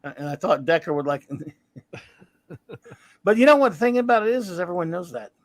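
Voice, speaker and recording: A man's voice: sits high, lively intonation, normal speed, no echo, poor audio. A man in his fifties hosting a casual podcast chat, telling rambling anecdotes in a blunt, crude, joking way. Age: 50s. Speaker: podcast host.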